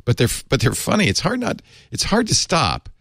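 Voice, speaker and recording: A man's voice: on the high side, wildly swooping pitch, moderate pace, vocal fry, fairly bright tone, no echo, clean studio sound. A middle-aged man co-hosting a casual tech talk show, wry and joking as he chats about messaging apps. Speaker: podcast co-host.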